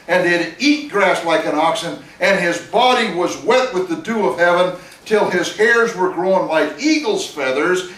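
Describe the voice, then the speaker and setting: A man teaching a Bible class, chuckling and animated as he tells the story and reads scripture aloud. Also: sits high. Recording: echoey room, voice from a distance.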